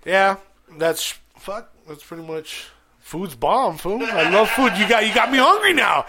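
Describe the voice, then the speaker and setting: A high, bright man's voice from Arizona, cracking jokes and cursing freely in loose podcast chat. He talks in a slangy, easygoing way with a lot of swearing. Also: sing-song, a little slow. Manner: profane, joking, slangy. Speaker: podcast co-host. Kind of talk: casual chat.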